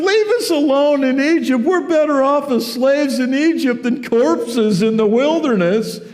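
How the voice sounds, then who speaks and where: A man putting on shrill whining Israelite refugees. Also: big-room sound. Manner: shrill complaining, loud and strained.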